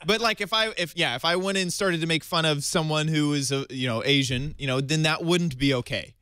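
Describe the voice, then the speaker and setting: A man's voice: fairly high pitch, brisk, pushed and bright, clear, resonant tone, no room sound, clean studio sound. A man co-hosting a casual panel chat, easygoing and explaining things with a laugh. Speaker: co-host.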